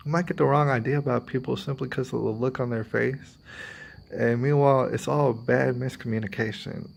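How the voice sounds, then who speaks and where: A man's voice: mid-range voice, fairly even intonation, a little fast, vocal fry, a little hiss or hum. A man vlogging, talking about himself in a rambling, confiding way, sometimes acting out what others say. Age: adult, has a daughter. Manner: rambling, confiding, quotes others in put-on voices. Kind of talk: personal talk to camera.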